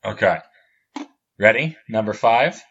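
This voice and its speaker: A male host running a comedy game in casual podcast banter, excitable, laughing loudly and swearing freely. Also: fairly low pitch, measured pace, creaky, husky, lo-fi sound.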